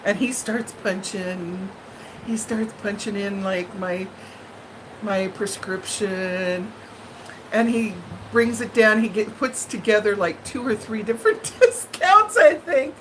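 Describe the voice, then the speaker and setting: A woman hosting a live stream, telling viewers a story in a dramatic, animated way and laughing often. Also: mid-range voice, takes it slowly, background noise.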